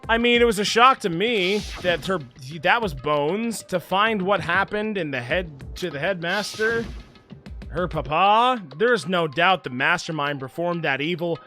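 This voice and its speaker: A male streamer giving animated, jokey let's play commentary and reading game text aloud. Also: high-pitched, a little slow, soft background music.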